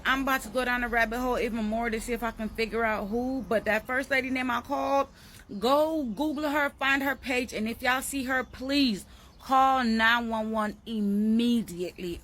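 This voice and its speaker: A woman's voice: fairly high pitch, fairly bright tone, slight background noise. Urgent, emphatic woman addressing viewers. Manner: urgent, emphatic, repeating herself. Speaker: commentator. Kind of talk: emotional social media commentary.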